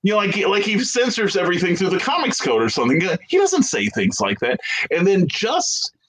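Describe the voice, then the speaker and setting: A man's voice: high-pitched, a little fast, low-quality recording. A middle-aged American man telling a long anecdote as a guest in a casual video-call interview, acting out the people he quotes. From United States. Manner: animated anecdotal storyteller, acts out quoted voices.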